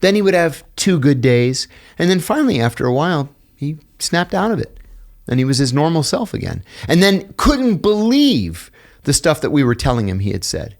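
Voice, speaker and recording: With a voice on the high side, some vocal fry, and a normal speaking speed, a middle-aged man from the US tells personal stories as a podcast guest. He animatedly imitates the people he quotes and laughs at his own yarns in this casual interview.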